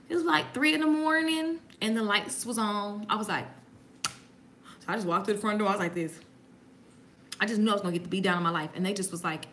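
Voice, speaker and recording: Bright, lively woman with a sassy drawl. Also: a little high. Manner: sassy, animated, laughs often. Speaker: host. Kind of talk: casual chat.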